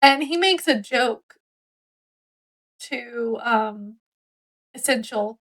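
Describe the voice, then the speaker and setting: A woman with a high voice chats through a book review at an unhurried pace. She rambles as she retells the story, filling it with likes and ums. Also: lively intonation, a bit bright, low-quality recording.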